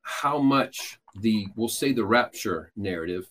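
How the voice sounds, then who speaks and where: A man's voice: fairly low pitch, animated, unhurried, a bit bright. A man hosting a show, talking loosely and explaining at length, with frequent restarts and filler sounds. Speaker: host. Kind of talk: casual teaching talk.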